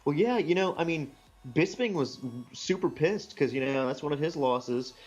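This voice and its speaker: A man co-hosting a podcast in casual chat, relaxed and joking. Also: on the high side, moderate pace, soft background music. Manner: relaxed, joking, brief replies. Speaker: podcast co-host. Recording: dull lo-fi sound.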